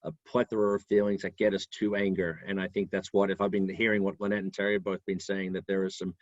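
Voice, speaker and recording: An easygoing man hosts a web session with a low voice. The sound is muffled and lo-fi, like video call audio. It is close and dry with no room echo. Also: flat delivery, quick pace. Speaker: host. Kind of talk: casual webinar hosting.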